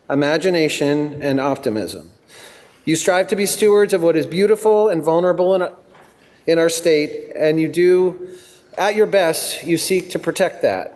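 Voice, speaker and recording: A middle-aged man, a guest singer, giving an earnest introduction in a large legislative chamber, halting with frequent ums. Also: on the high side, darkish tone. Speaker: guest singer leading a devotional. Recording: long hall reverb, faint music behind.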